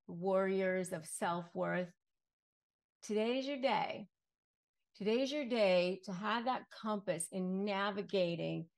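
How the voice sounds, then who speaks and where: A middle-aged woman speaks straight to camera as an attorney giving advice. She talks at an unhurried, deliberate pace and leans on repeated phrases for emphasis. Her pitch sits in an ordinary middle range. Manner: emphatic, repeats key phrases, acts out short quotes. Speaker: attorney and online coach. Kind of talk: direct-to-camera advice talk.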